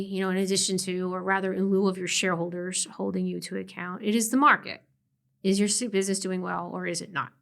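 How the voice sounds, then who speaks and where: A woman law professor speaking as a guest on a podcast interview, animated and quick to laugh, often trailing off and restarting her sentences. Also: medium pitch, gravelly. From family from West Virginia. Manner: animated, laughs often, frequent fillers and self-corrections.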